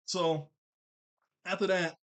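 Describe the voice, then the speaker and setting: Chatty young man recapping a cartoon. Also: high voice. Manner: rambling, laughs often, lots of fillers. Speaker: cartoon episode reviewer. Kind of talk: casual recap and chat.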